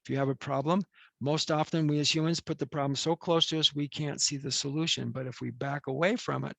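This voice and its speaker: Gravelly, joking wedding officiant. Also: male voice, on the high side, fairly even intonation, a little fast, fairly bright tone, dry recording. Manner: chatty, joking, rambling. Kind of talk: officiating a wedding ceremony over video call. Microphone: video call.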